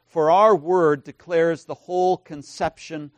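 A man lecturing to a class at an unhurried pace, leaning hard on key words and then dropping to a hush. His voice sits a little high for a man and sounds close and dry, with no room around it. He keeps checking in with his listeners as he teaches. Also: fairly even intonation, no room sound. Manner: emphatic, checks in with listeners with "right?"; swings between loud stresses and soft, drawn-out phrases.

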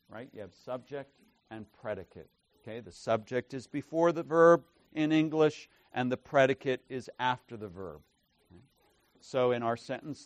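Slow, emphatic male lecturer. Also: a little high, dry recording. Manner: emphatic, checks in with listeners with "right?"; swings between loud stresses and soft, drawn-out phrases. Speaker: teacher. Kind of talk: lecture to a class.

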